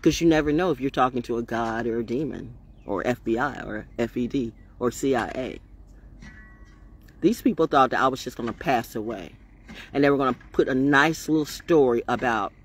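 A woman's voice: a bass voice, normal speed, fairly bright tone, slight background noise. A woman giving a rambling, defiant spiritual monologue on her vlog, streetwise and preachy, swearing freely. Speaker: spiritual vlogger.

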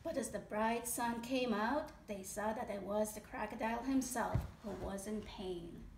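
A woman, a mother, reading a children's storybook aloud at home with animated, expressive delivery. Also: a little high, moderate pace, vocal fry, a little hiss or hum. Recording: echoey room.

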